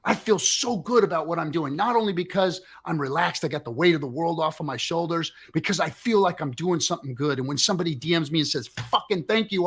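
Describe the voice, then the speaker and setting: A man's voice: a little high, fairly bright tone, slightly rough. Fired-up, profane middle-aged male host. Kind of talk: impassioned livestream rant.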